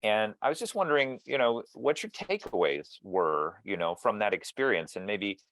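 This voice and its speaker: A man's voice: on the low side, animated, moderate pace, a bit bright. A man interviewing guests over a video call, thoughtful and musing, with frequent restarts. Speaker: interviewer and mediator.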